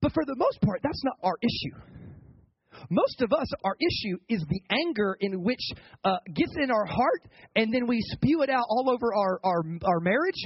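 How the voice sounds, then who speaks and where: A man's voice: very high voice, sing-song, normal speed, slightly rough, dry recording, muffled recording. A man preaching as a pastor, conversational and colloquial, often restarting his words and asking the congregation for replies. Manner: asks the congregation for responses. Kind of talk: sermon.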